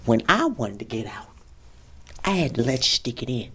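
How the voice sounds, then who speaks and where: A woman telling a dramatic true story, acting it out with loud sound effects and checking in with "that makes sense?". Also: very deep voice, sing-song, normal speed, slightly rough. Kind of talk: animated story time.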